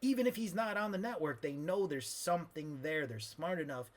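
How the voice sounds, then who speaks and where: A man's voice: on the high side, expressive, brisk. A man playing a cranky, rambling old man with a put-on old-timey Southern accent through an old-man voice filter, bantering crudely on a comedy podcast. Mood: grumbling. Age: older. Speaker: podcast co-host.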